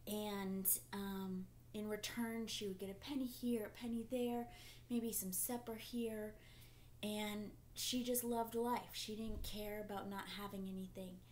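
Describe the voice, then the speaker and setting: A woman telling a fairy tale in a slow, hushed, half-whispered narration. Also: medium pitch, slight background noise. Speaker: storyteller. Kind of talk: storytelling performance.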